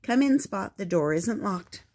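A woman voicing a boisterous young friend in a storybook, with a loud, high, bouncy voice. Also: expressive, measured pace, husky. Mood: cheerful.

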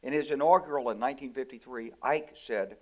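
A man's voice: medium pitch, a little fast, highs cut off. Older American man telling stories animatedly. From United States. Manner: animated storyteller who acts out quoted voices. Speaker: interview guest, retired general. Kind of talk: conversational interview.

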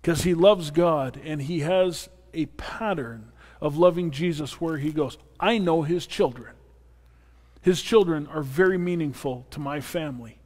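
A man's voice: on the high side, a little slow, a little mellow. A man preaching a sermon as pastor, earnest and personal with playful asides. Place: church sanctuary. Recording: long reverb of a church hall.

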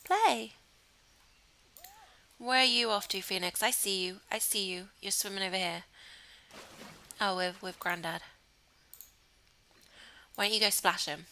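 A woman's voice: medium pitch, measured pace, long pauses, sharp tone, low-quality recording. A woman chatting casually over a life-simulation game, cooing affectionately at her characters. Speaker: gaming channel host. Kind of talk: casual gameplay commentary.

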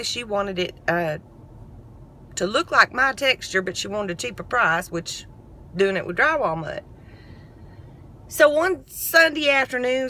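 Chatty woman with a bright voice. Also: medium pitch. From Texas. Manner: chatty, lively, down-home storyteller. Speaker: vlogger. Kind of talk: casual storytelling to camera.

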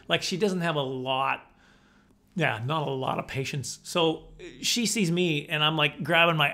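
A middle-aged man doing stand-up comedy, telling stories in an animated, self-deprecating way. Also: on the high side, moderate pace.

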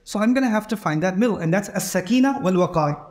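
A man's voice: high voice, animated, quick pace. A middle-aged man giving a conversational sermon in a mosque, often acting out quoted dialogue. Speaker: preacher giving a Friday sermon.

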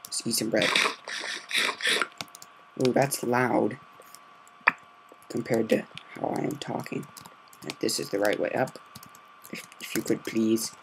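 Quiet, gravelly-voiced man narrating gameplay. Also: takes it slowly, pauses often, a little hiss or hum. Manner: quiet, low-key, meandering. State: slight sore throat. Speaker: gaming video host. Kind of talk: hushed let's-play commentary.

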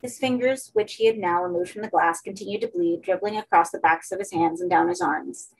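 A woman narrating a horror story for an audiobook in a steady, measured way. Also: on the low side, slightly rough, rough recording.

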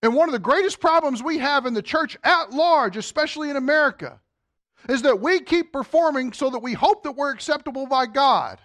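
A male pastor preaching a sermon, quizzing the congregation and dropping to a quiet voice for emphasis. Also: brisk. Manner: animated, asks the congregation questions; drops to a low, quiet voice for emphasis. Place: church sanctuary.

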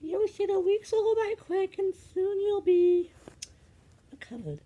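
A woman voicing a calm, reassuring aunt in a toy skit, dropping her voice low. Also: measured pace, highs cut off. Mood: soothing. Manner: gentle and reassuring. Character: calm, soothing grown-up aunt.

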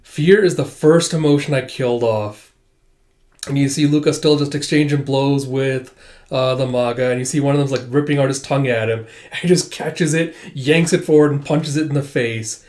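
A man hosting a reaction video, reading a manga aloud, gushing and excitable in his commentary. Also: medium pitch, brisk.

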